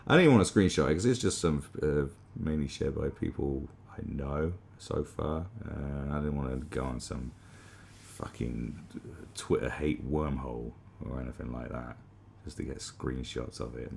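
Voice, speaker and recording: Gravelly, low-voiced man, sarcastic. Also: normal speed, a little mellow, slight background noise. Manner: sarcastic, rambling, with frequent restarts. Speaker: commentary host. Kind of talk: comedic monologue.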